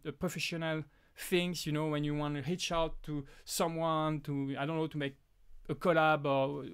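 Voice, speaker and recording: A man with a French accent, French as his first language, hosting a live prop-making Q&A in a halting way, with many restarts and fillers. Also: fairly high pitch, clean tone. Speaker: prop-making channel host. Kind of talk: live stream Q&A chat.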